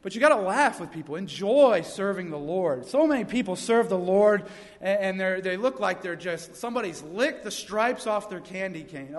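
High-voiced young preacher in a reverberant hall. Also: male voice, moderate pace. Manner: energetic preaching with humorous stories. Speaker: youth pastor. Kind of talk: sermon. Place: church sanctuary. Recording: long reverb of a church hall.

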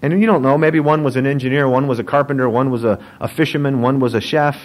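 A man, a pastor, preaching a sermon in an animated, joking storytelling manner. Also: medium pitch, fast, poor audio.

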